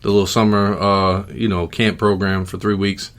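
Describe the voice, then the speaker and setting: A middle-aged man hosting a podcast in casual chat, relaxed and rambling with lots of fillers. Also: low voice, normal speed. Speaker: podcast host.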